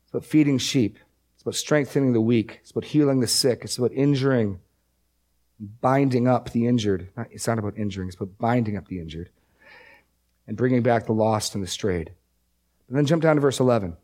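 A male preacher giving a sermon, reading scripture aloud with slow emphasis and explaining it in a conversational way, often repeating words as he restarts. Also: medium pitch, a little mellow.

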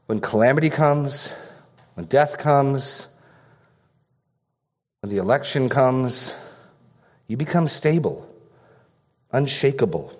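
A man's voice: medium pitch, husky, in a large hall. A man preaching a sermon as pastor, earnest and emphatic, repeating phrases for stress.

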